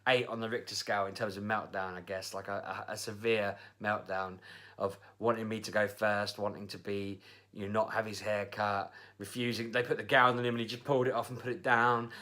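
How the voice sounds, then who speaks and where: A man's voice: fairly low pitch, little pitch movement, brisk, bright, forceful tone. A young man, a father, telling a story in a chatty, rambling way on his vlog. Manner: chatty, rambling with fillers and laughs. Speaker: vlogger, father. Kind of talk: casual storytelling.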